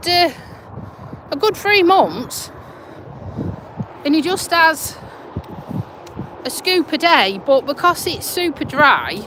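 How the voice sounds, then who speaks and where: A woman with a voice that sits high chats on a live stream while walking her dog on city streets, talking into the phone in her hand. Her manner is down-to-earth, with some swearing. The background is noisy.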